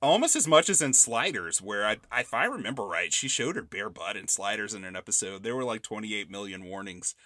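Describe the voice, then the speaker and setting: A man in his thirties co-hosting a podcast, joking about a movie in an animated way with quick laughs. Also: lowish voice, dry recording. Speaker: podcast co-host. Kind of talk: casual movie review chat.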